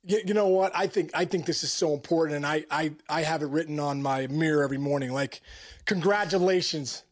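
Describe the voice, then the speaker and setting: A middle-aged man, a former ballplayer, telling lively stories as a podcast guest, calling people bro. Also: a little high, fast. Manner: energetic, storytelling with acted asides, calls people bro. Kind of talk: casual interview.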